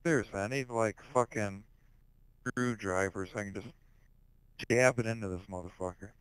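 A man's voice: fairly low pitch, normal speed, clean tone, dry recording, poor audio. Crude, foul-mouthed teenage boy on headset. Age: teens. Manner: crude, profane rambling with sudden shouted outbursts. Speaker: gamer in online voice chat. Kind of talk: casual voice chat.

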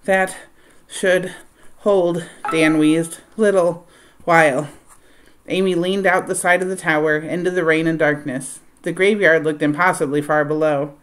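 A woman reading a children's adventure novel aloud in a steady storytelling voice. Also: moderate pace, few pauses. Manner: steady storytelling, voicing dialogue with raised pitch and volume. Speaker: reader of a novel.

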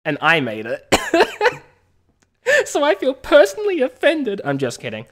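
A woman's voice: medium pitch, wildly swooping pitch, unhurried. An Australian woman streaming a game and chatting playfully with viewers, often laughing. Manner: playful, laughing, teasing the chat. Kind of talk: casual live-stream chat.

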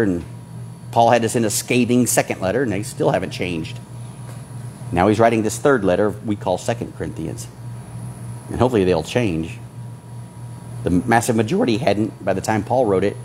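Fervent low-voiced preaching man. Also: a little mellow, a little hiss or hum. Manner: preaching with rising fervor, exhorting. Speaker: pastor. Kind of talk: sermon.

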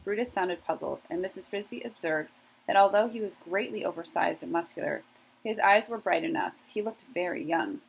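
A woman teacher reading a novel aloud to her class in a steady storytelling voice. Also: lowish voice, moderate pace, vocal fry, breathy edge, rough recording.

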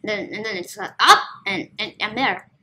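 A woman's voice: mid-range voice, normal speed, pushed and bright. A woman giving casual, playful commentary as she plays a video game, talking to herself as she goes. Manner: chatty, playful, talks to herself while playing. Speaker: gaming video host.

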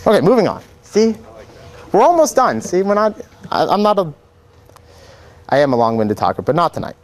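A man's voice: high voice, very animated, normal speed. A young man, a seminarian, teaching an adult faith class in a chatty, joking way, acting out quotes. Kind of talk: informal classroom lecture. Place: church classroom.

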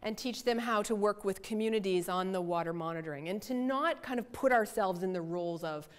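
A middle-aged woman researcher giving a lecture, telling her field story in an animated, self-deprecating way with asides. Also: medium pitch, brisk, clean tone. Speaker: environmental researcher giving a talk. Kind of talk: lecture with a personal anecdote.

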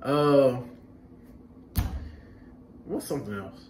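A man's voice: medium pitch, very slow, a little hiss or hum. A young man telling barracks stories in casual chat, acting out the voices and laughing as he goes. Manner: animated storyteller, acts out quotes, laughs often. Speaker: vlog host.

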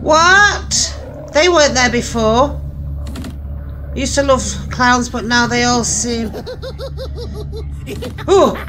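A woman with a fairly high voice draws out her words and pauses often, with background noise behind her. As a channel host playing a horror game, she talks to herself in jumpy let's-play commentary, frequently screaming, swearing and laughing nervously.

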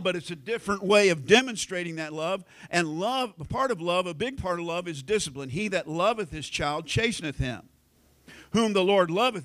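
A middle-aged American pastor preaching a sermon in a folksy storytelling way, acting out family conversations. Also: male voice, high-pitched, a bit bright. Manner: folksy storytelling, acts out quoted family lines.

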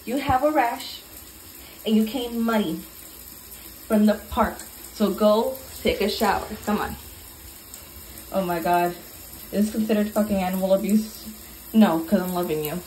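A woman's voice: medium pitch, a little slow, pauses often, a little mellow, a little hiss or hum. A young woman in her twenties talking through her day in a casual vlog, candid and full of slang and swearing. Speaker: vlogger.

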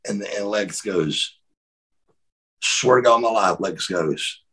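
A middle-aged man from the United States, a former wrestler telling animated stories as an interview guest, repeating words as he acts out quotes. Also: lowish voice, slow, breathy edge, low-quality recording. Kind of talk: storytelling in a shoot interview.

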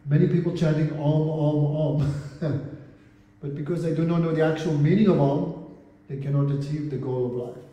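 A man's voice: on the high side, fairly even intonation, moderate pace, dull audio. A man giving a religious class as a spiritual teacher, reciting Sanskrit verses, translating them and posing rhetorical questions. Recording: very echoey hall with long reverb.

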